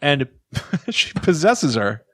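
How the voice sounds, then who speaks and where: A man's voice: on the high side, sing-song, slow pace, no echo, clean studio sound. A man co-hosting a podcast, chatting casually and sarcastically about a horror film, with plenty of fillers. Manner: sarcastic, rambling with many fillers. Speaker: podcast co-host. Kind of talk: casual movie review chat.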